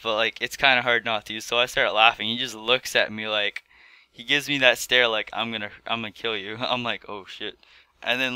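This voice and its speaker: A man's voice: mid-range voice, sharp tone, smooth, dry recording. A teenage boy telling a storytime vlog in casual chat, rambling with lots of fillers. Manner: rambling, filler-heavy with many "like"s. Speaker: vlogger. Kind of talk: storytime commentary.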